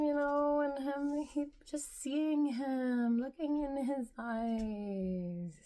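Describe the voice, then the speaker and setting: A woman in her thirties musing in a casual, rambling vlog monologue, filling her talk with "like". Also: a little high. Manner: meandering, heavy use of "like", soft musing tone. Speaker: spiritual vlogger.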